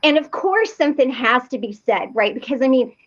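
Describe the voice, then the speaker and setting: A woman telling a lively personal story in a casual online meeting, full of fillers and acted-out quotes. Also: high-pitched, a little fast, muffled recording. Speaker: recovery meeting participant. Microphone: video call.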